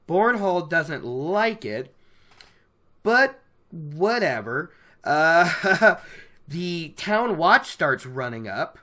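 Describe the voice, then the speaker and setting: A host giving a casual book recap, animated and opinionated, laughing often. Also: medium pitch.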